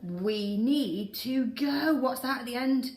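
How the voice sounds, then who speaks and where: A woman's voice: fairly high pitch, a little mellow. Encouraging Northern English woman teacher, roomy classroom. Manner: encouraging, patient, slows and stretches words when modelling. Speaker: primary school teacher. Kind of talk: guided reading with a child. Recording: roomy classroom with faint background noise.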